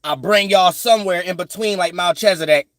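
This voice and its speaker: A high, slightly bright male voice moves a little fast in an echo-free recording. He's a spiritual vlogger giving a rambling, foul-mouthed, streetwise talk, repeating bits in sing-song bursts and repeatedly asking "you know what I'm saying."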